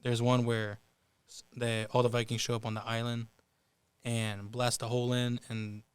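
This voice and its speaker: A young man from the Cherokee Nation with a smooth, clear, mid-pitched voice tells animated, amused stories as a guest in a casual interview. The recording is dry and close. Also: moderate pace, no echo. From Cherokee Nation, Oklahoma. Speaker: voice actor guest.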